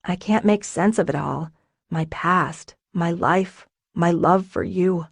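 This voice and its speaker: A woman reading a troubled, withdrawn young man in an audiobook, speaking quietly and bitterly. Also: on the low side, takes it slowly, creaky, husky, dry recording, heavily acted. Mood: quiet despair. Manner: bitter, self-blaming, quiet. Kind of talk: audiobook character voice.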